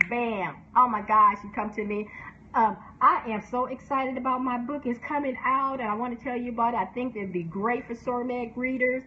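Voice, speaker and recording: A high-voiced woman talks casually and candidly, laughing often and briefly putting on other people's voices. Her advice comes across as frank and lively. The sound is a little dull, with a faint hiss behind it. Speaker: book promotion specialist and host. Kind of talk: casual advice talk, live stream. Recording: slightly dull sound with faint background noise.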